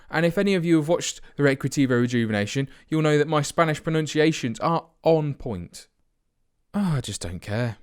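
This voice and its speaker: A young man gives sarcastic, self-mocking commentary on his football management game. His pitch leaps up and down with lively swings, and his voice stays smooth and clear. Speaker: let's play host.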